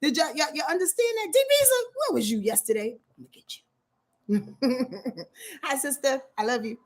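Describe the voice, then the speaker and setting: A woman hosting a casual astrology livestream. She talks in a slangy, animated way, laughs often, clears her throat, and mentions a sore back. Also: high voice, a little slow. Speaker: astrology channel host.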